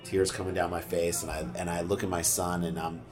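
Low-voiced middle-aged man telling a story. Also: fairly quick, over music. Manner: animated, swears freely, acts out quotes. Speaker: podcast guest. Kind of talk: casual storytelling.

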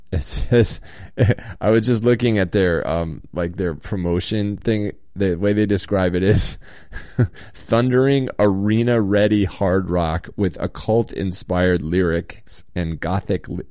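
A man's voice: deep voice, warm tone, no room sound, studio quality. A man hosting a casual solo talk show from a hotel room, reading listener comments with a slight cold, rambling with lots of ums and little chuckles.

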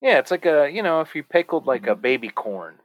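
A man hosting a podcast in casual chat, animated and rambling, often laughing. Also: a little high, fairly quick, no echo, lo-fi sound. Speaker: podcast host.

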